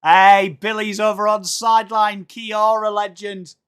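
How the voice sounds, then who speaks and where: His voice is high-pitched and clear, with a resonant, slightly bright tone, level and unhurried. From England, he runs a live football watchalong, casually greeting viewers by name between jokes.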